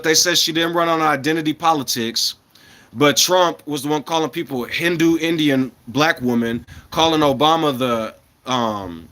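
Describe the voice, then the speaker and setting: A man in his thirties chatting casually to his livestream audience, rambling from point to point, chuckling often and swinging between loud bursts and mumbled asides. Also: mid-range voice. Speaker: livestreamer talking to chat.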